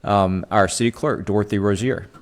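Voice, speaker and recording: A man with a lowish voice runs a council meeting as mayor. He moves briskly from speaker to speaker and keeps saying "all right" as he goes. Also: steady tone.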